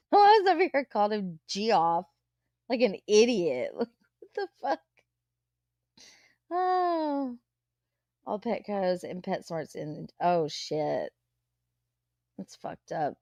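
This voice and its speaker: Woman host, casual gossipy livestream chatter, unhurried delivery, dry close sound. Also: mid-range voice, very animated, darkish tone, no room sound. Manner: chatty, gossipy, greets viewers, swears and laughs. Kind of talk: casual live chat.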